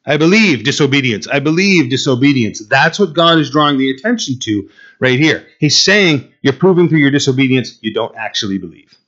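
A man's voice: medium pitch, lively intonation, fairly quick, fairly bright tone, lo-fi sound. A man preaching a sermon to a Bible class, emphatic, asking his listeners questions and repeating key phrases. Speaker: pastor teaching a Bible class.

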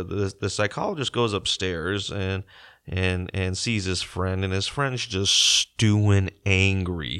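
A young man with a very deep voice tells a story to his listeners in a casual, halting way. He fills his speech with ums and repeats himself as he goes. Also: fairly bright tone. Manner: halting, many fillers and restarts. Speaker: podcaster.

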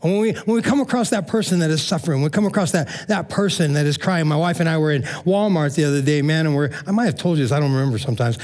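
A middle-aged man preaching a sermon as pastor, telling stories in a lively, conversational way and checking in with the congregation. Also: a little high, fast talker, hardly any pauses. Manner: animated storytelling, frequent "man" and "amen?" asides.

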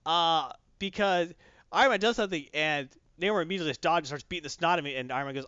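A man's voice: fairly high pitch, quick pace, sharp tone, smooth, no room sound. A man in a casual chat, animatedly retelling a comic story and quoting its characters, on a dull lo-fi recording. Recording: dull lo-fi, dry.

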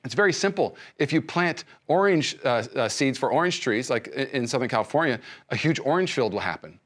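A male pastor giving a sermon, speaking conversationally with many restarts and swinging between loud emphasis and soft hushed lines. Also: medium pitch, lively intonation, fairly quick. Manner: frequent fillers and restarts, conversational preaching.

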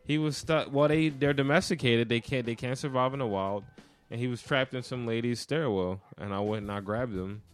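A man's voice: medium pitch, brisk, clean tone, soft background music. Laid-back man telling casual stories. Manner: laid-back storytelling, slangy, jokey. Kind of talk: casual chat.

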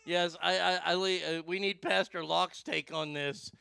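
A man's voice: high-pitched, fairly even intonation, a little slow, vocal fry, pushed and bright, smooth, dry recording. A Southern man hosting casual commentary in a profane, rambling way, stammering often, close to the mic. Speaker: host.

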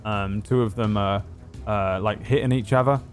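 Low-voiced man running a tabletop game. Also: steady tone, moderate pace, soft background music. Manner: rambling, hesitant with many ums. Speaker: game master.

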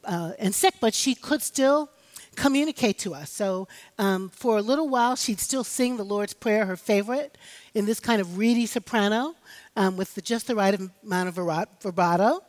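A woman's voice: medium pitch, normal speed. Woman pastor preaching a personal sermon. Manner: storytelling, personal and humorous, speaks directly to the congregation.

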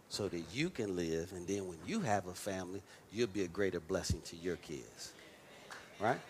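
A male pastor delivering a lively sermon, stressing points and calling out to the congregation for response. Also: deep voice, normal speed, slight background noise. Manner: emphatic call-and-response preaching.

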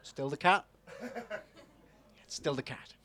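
A man from Newcastle with a soft northern English accent, performing a true-story poem to a live audience, hesitant with ums and dropping into a hushed, intimate reading. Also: medium pitch, slow. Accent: soft northern English, not strongly Geordie. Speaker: comedy poet performer. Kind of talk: live spoken-word poetry performance.

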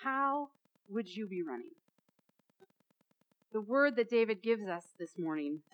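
A woman's voice: mid-range voice, expressive, unhurried, long pauses, no echo, dull audio. A woman preacher giving a dramatic sermon, repeating phrases and building to emphatic peaks.

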